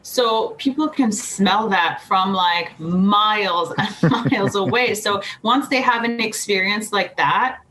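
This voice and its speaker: A young adult woman chats as a podcast guest, telling animated stories and laughing often. Her voice is bright and forceful. A faint hum of noise sits behind her. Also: mid-range voice, slow pace, few pauses, low-quality recording. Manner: animated storyteller, laughs often, acts out quotes. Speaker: podcast guest, anxiety coach. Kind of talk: casual interview chat.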